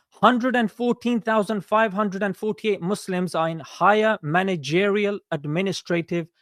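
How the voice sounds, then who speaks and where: Young man, high voice, combative debater, rattles off statistics, dry close sound. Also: no echo. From Britain. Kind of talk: heated live audio debate.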